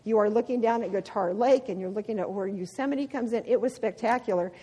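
A woman's voice: medium pitch, fast, slightly rough. A middle-aged woman giving a devotional talk full of personal stories, laughing often as she tells them. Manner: laughs often, animated storytelling. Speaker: women's ministry speaker. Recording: long hall reverb.

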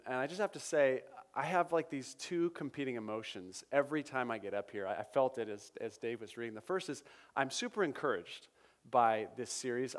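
A man preaching a sermon to his congregation, talking in a conversational, self-correcting and energetic way. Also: mid-range voice. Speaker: pastor. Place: church.

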